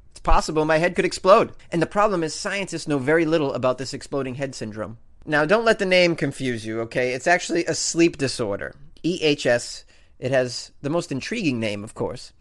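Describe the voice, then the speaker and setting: A man's voice: mid-range voice, fairly bright tone. A man hosting a comedic talk radio show, riffing sarcastically on odd news stories and reading them out with mock disbelief. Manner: sarcastic, joking, mock-incredulous.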